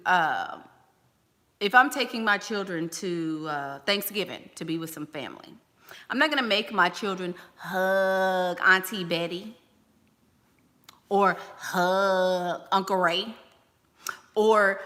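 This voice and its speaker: A woman's voice: medium pitch, measured pace, bright, forceful tone, in a large hall. A woman giving advice in a casual monologue to camera, emphatic and sassy, repeating her key lines for effect. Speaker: vlogger giving life advice.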